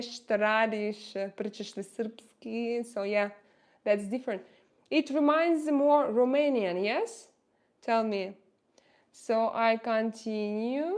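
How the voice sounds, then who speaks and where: A woman with a Russian accent, a native Russian speaker, chatting casually with her livestream viewers, often pausing to search for English words. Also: on the high side, darkish tone. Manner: hesitant, searching for words with many fillers. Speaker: livestream host reading viewer chat.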